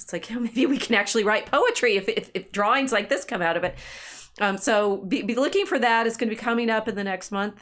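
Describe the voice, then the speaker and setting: A woman's voice: fairly low pitch, a bit bright. Playful chatty woman. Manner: playful, enthusiastic, laughs often. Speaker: podcast co-host. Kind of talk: casual chat.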